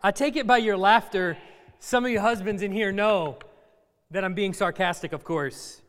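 A man's voice: high voice, normal speed, a bit bright, clear, resonant tone. A man preaching a sermon to a congregation, conversational with dry sarcastic humor. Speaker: pastor. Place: church sanctuary. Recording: long reverb of a church hall.

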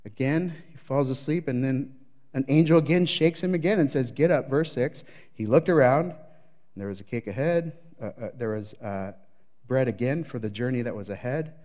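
A man preaching a sermon with a storyteller's flair. He swings from loud, building phrases to hushed, low lines, with a mid-range voice. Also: normal speed. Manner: dramatic storytelling, voicing the prophet's panic; varies loudness widely, building up then dropping low. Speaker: pastor.

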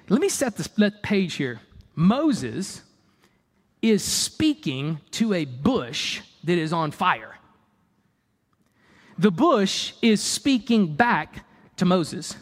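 High-voiced preacher in a reverberant hall. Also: male voice, big pitch swings, takes it slowly, husky. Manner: conversational and emphatic, with mock-exasperated asides. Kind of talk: sermon.

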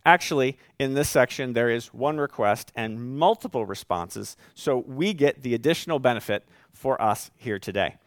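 A male pastor preaching a sermon, moving from calm teaching to loud, rising emphasis and reading scripture with slow, weighted endings. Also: medium pitch, dry recording, clean studio sound.

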